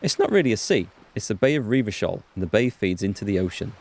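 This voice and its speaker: Calm older woman, measured and polite, low-key, read by a man, slightly lifted pitch.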